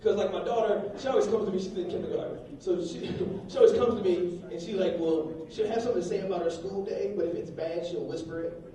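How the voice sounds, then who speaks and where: A young man doing a rambling, crude stand-up set on a comedy club stage, swinging between loud bursts and low mutters. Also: fast talker, few pauses, distant mic. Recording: echoey club room heard from afar, crowd noise. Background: audience laughter.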